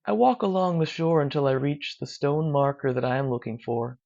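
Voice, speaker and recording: A narrator with a medium-pitched, gravelly voice reads a dark first-person horror story slowly, in a hushed and measured way. The recording is dull and lo-fi.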